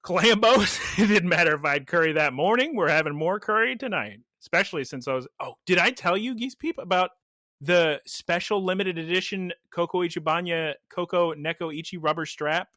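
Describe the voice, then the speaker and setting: A man co-hosting a podcast, recapping an episode in animated, rambling casual chat and laughing often. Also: on the high side, fairly quick, no echo, studio quality. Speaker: podcast co-host.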